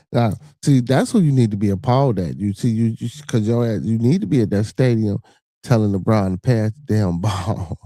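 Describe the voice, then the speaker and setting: A man's voice: fairly low pitch, dark tone, no echo. A man with a Chicago accent hosting a podcast live stream, chatting loosely with viewers, swearing freely and filling his talk with "you know what I'm saying.". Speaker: podcast host. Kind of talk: casual live-stream chat.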